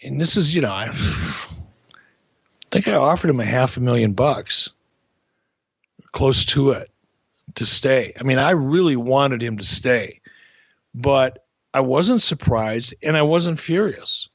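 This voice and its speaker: A middle-aged man hosting a casual podcast, animated and profane, often restarting his sentences. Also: mid-range voice, measured pace, gravelly, pauses often, husky, no room sound. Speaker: podcast host.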